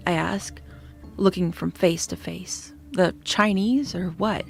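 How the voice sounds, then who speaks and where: Brief: woman horror narrator, low gravelly voice, faint music underneath. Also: a little slow. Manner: steady, descriptive storytelling with hushed moments. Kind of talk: scripted horror story narration. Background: faint background music.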